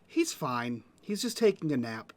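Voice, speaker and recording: Brief: woman player, deep for a woman, matter-of-fact, dry close mic. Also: sing-song, unhurried, a little mellow, no echo. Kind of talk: tabletop game table talk.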